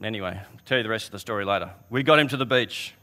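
Bright-voiced preacher, man. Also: lowish voice, rapid-fire. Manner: earnest, conversational storytelling with repeated restarts. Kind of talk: sermon.

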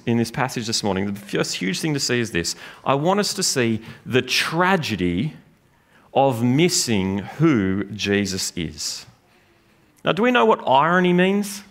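A man preaching a sermon in a church, lively and joking with the congregation. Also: medium pitch, moderate pace. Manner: lively, animated preaching with jokes. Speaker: pastor. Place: church gathering room.

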